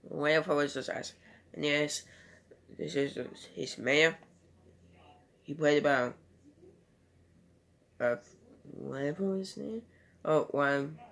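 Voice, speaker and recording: A man talks through a movie review at a slow, unhurried pace. His voice sits a little higher than most men's. He rambles loosely from one scene to the next, like a casual home video. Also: steady tone, fairly bright tone. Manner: rambling, loosely strung retelling.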